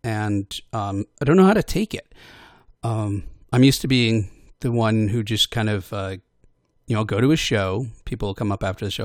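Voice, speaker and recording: In a rambling, casual monologue about voicing audio posts, a man with a lowish voice sounds self-deprecating and hesitant, restarting often and using lots of fillers. He drops into quick character voices when quoting others, and the recording is dry and studio quality.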